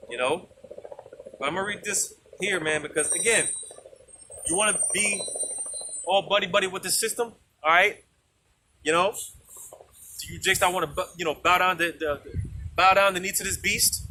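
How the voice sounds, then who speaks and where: A man's voice: sits high, moderate pace, long pauses, pushed and bright, low-quality recording. A man preaching on the street, dropping "man" and "you know" between lines and reading scripture aloud in old-fashioned wording. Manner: reads scripture aloud in King James wording. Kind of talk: outdoor street sermon. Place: outdoors on a street. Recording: street noise and passing vehicles.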